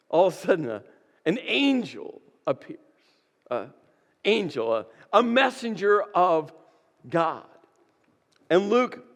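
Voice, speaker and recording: A man's voice: a little high, in a large hall. A man preaching a sermon as pastor, emphatic and repeating key words for weight. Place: church sanctuary.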